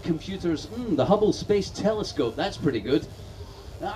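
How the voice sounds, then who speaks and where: Sardonic profane comedian ranting on stage. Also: male voice, fairly high pitch, distant mic, a little hiss or hum, poor audio. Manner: sardonic, profane, building to shouts. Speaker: stand-up comedian. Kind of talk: satirical stand-up rant. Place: outdoor festival stage.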